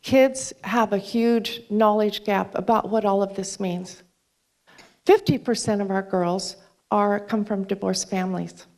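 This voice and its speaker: A woman speaks from a stage to an audience, telling a personal story in an earnest, heartfelt way. She quotes back and forth from a conversation, and her voice sits at a moderate middle pitch. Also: steady tone, a little mellow. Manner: earnest, retells dialogue with quick quoted exchanges. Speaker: speaker at a charity talk event.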